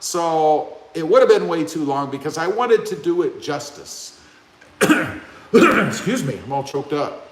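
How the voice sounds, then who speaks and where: A man hosting a live stream in an echoey room, his voice sitting a little high for a man and swinging widely in pitch. He chats casually, reads viewer comments aloud and jokes back at them. His talk is loose and easygoing. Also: animated, unhurried. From Ohio. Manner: joking, chatty, talks back to viewer comments. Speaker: live-stream host reading chat.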